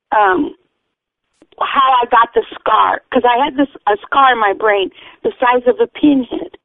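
High-voiced woman giving an eager testimony. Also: dry recording. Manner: earnest, excited storytelling, acting out others' voices. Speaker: testimony speaker. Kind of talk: personal testimony. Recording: dry, tinny phone-like radio sound.

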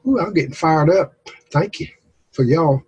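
A man, leading a group discussion and telling folksy, animated Bible stories. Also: on the high side, moderate pace, slightly rough, poor audio. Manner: animated, drawling, acts out stories. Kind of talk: folksy preaching and storytelling.

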